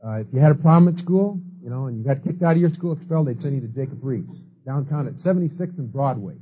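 A man's voice: medium pitch, expressive, quick pace, slight background noise. A man teaching a class, telling stories and acting out the people he quotes. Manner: storytelling, acts out quoted people. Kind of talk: lecture with anecdotes. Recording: dull lo-fi recording.

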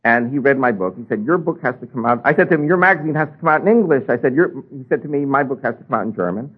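A man telling his personal testimony to listeners in an animated storytelling way, with sharp rises and drops in his voice. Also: mid-range voice, very fast, breathy edge. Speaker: speaker giving a testimony. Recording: tinny phone-like radio broadcast.

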